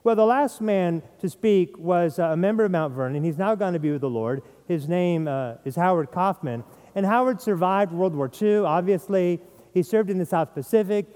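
High-voiced pastor preaching in a hall. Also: male voice, normal speed, mellow. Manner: earnest, repeats words when stressing a point. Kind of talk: sermon.

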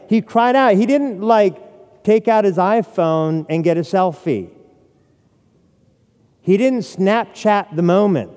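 Animated preacher in a reverberant sanctuary. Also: male voice, high voice. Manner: animated preaching with rhetorical "right?" asides. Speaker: pastor. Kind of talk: sermon. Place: church sanctuary. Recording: long hall reverb.

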